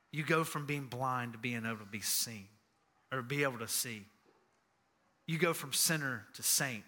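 A man's voice: medium pitch, pushed and bright. A man preaching a sermon, earnest and personal, telling family stories and repeating key phrases for emphasis. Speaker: pastor.

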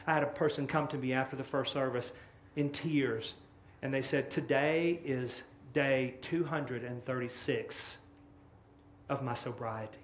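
A pastor preaching with passion, his middle-pitched voice climbing loud then dropping to a hush. The sound is roomy and echoing, with a faint hum of ambience behind him. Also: measured pace. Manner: impassioned preaching, swinging from loud to hushed. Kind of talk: sermon. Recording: echoey room with faint ambience.

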